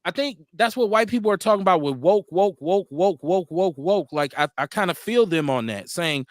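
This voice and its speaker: A man runs an informal live stream, voicing viewers' comments and giving candid replies, frequently laughing and repeating phrases. The voice is high and animated, the pace moderate, and the studio-quality audio has no echo.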